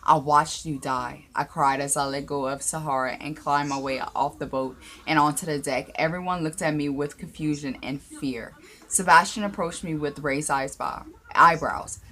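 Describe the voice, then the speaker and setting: A woman with a low voice tells a story in the first person, reading it aloud. She stumbles and restarts words here and there, giving it a homemade feel. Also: normal speed, pushed and bright. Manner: reads aloud with small slips and restarts.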